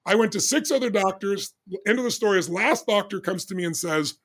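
Talking a little fast, a man in his sixties whose voice sits well above the typical male range relates a personal story as a guest in an interview. He animatedly acts out each remembered exchange, doctors and all.

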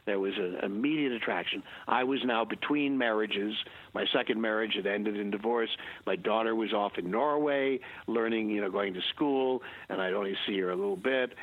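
Husky older man telling rambling stories. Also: fairly low pitch, dry recording, phone-quality sound. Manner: halting, many restarts, chuckles. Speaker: interview guest. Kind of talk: rambling anecdotal conversation.

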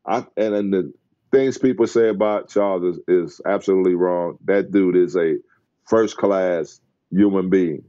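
A middle-aged man telling stories as a podcast guest, acting out quotes excitedly. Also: normal speed, dry recording, lo-fi sound. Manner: excited storyteller who acts out quotes in a high voice. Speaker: guest, former basketball player. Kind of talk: animated storytelling in a podcast interview.

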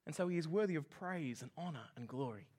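Brief: New man preaching, high pitch, animated delivery with quick jokes. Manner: animated and joking, with lively emphasis. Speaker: pastor. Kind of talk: sermon.

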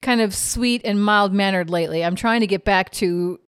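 A woman playing a tabletop role-playing game, animated and laughing often as she slips into character. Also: mid-range voice, moderate pace, smooth, no echo, clean studio sound. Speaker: player.

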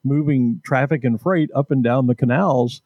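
An American male host leads the conversation with calm, explanatory questions. His voice is mellow and warm, and the sound is dry and close. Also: mid-range voice, normal speed, no room sound, dull audio. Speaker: interviewer host. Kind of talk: conversational interview.

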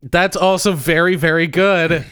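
Young dude cohost with wry comebacks, smooth clear voice, kinda high, dry close sound. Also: male voice, steady tone, unhurried, fairly bright tone, no echo. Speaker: podcast co-host. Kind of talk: casual comedy chat.

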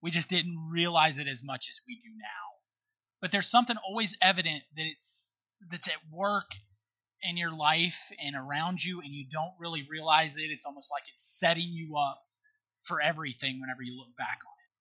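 A man's voice: a little high, normal speed, pushed and bright, muffled recording. A middle-aged man telling a personal story in casual conversation, earnest and emphatic, often checking in with his listener. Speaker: guest.

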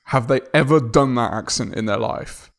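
A man's voice: medium pitch, normal speed, creaky. A man co-hosting a podcast, musing in a rambling casual chat with many restarts. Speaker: podcast co-host.

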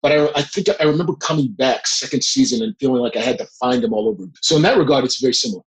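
A middle-aged man, an actor, telling anecdotes in a casual interview, animated and laughing along the way. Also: medium pitch, racing, rough recording. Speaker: actor, guest.

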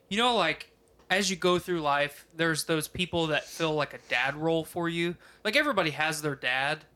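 Bright, rambling, profane man. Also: on the high side. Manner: rambling, profane, frequent "like" and "you know". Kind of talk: casual chat.

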